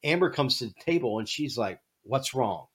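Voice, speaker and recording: Man, podcast host, animated comic storyteller, lively pitch. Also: fast talker, husky. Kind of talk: casual storytelling.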